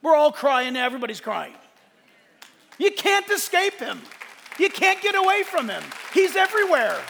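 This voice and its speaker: Male pastor, middle-aged, very high pitched voice, bright edge, fervent sermon in a reverberant hall. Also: very animated, moderate pace, vocal fry, a faint crowd, a little hiss or hum. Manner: impassioned, swings between loud exclamations and hushed storytelling.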